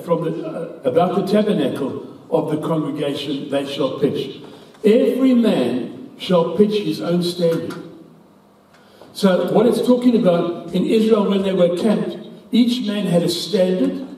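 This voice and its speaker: A man's voice: sits high, dark tone. A man with a South African English accent preaching an earnest, emphatic sermon, quoting scripture at length. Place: church hall. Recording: echoey hall from far off.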